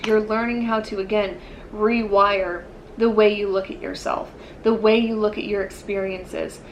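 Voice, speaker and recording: A woman's voice: medium pitch, lo-fi sound, slight background noise. A woman giving a casual pick-a-card tarot reading, rambling and searching for words with lots of fillers, yawning now and then. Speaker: tarot reader.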